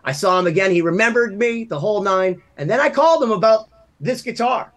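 A man's voice: sits high, lively intonation, a little fast, a bit bright. A man from Massachusetts, a podcast co-host, telling rambling, self-deprecating anecdotes in casual chat. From Massachusetts, USA.

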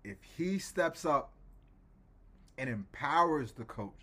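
Slow, emphatic male podcast host. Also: on the high side. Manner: emphatic, animated, pausing mid-thought. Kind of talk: casual podcast talk.

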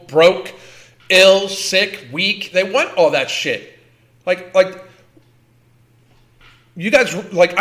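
A man's voice: sits high, pushed and bright. A man reacting to a clip, ranting bluntly and heatedly, swearing a lot and repeating words. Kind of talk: profane ranting commentary.

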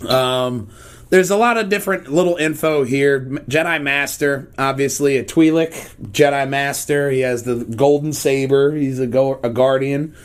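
A man's voice: medium pitch, moderate pace, clean tone. A man hosting a casual podcast, rambling and joking irreverently. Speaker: podcast host. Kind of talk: casual chat.

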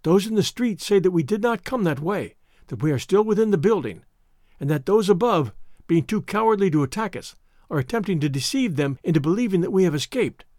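A man's voice: sits high, expressive, fairly quick, a little mellow, dry recording, clean studio sound. A man reading a watchful, urgent Arab servant.

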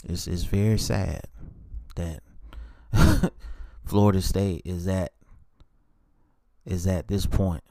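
Deep, monotone man. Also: no echo, clean studio sound. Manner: monotone, dejected, halting with fillers. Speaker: podcast host. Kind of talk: solo sports podcast rant.

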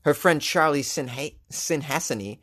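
A man's voice: a little high, moderate pace, fairly bright tone. A man hosting a comedic news commentary, reading headlines and riffing on them sarcastically. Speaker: host.

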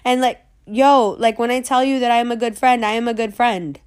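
A woman's voice: fairly high pitch, steady tone, a little fast, clear, resonant tone. A woman telling a story in a blunt, profane way, repeating her points for emphasis. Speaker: vlogger. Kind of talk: casual storytime rant.

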